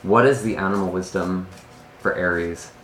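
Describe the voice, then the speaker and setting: A man's voice: low voice, normal speed, a bit bright, a little hiss or hum. A man giving an earnest, emotional tarot reading to camera, often sighing between thoughts. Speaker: tarot reader. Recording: echoey room.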